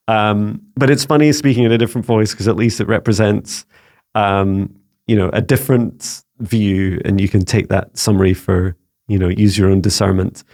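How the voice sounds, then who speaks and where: A man's voice: lowish voice, fairly even intonation, moderate pace, a little mellow. A Scottish man hosting a spiritual guidance channel, talking casually in a musing, searching way with frequent fillers. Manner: musing, searching, full of "you know" and "um". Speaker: psychic mentor, channel host.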